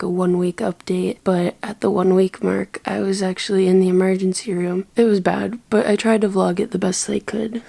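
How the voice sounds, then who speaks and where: Young woman vlogger with a husky voice and a middle pitch. She records a candid diary, often softly. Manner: candid, often drops to a soft near-whisper. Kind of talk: personal video diary.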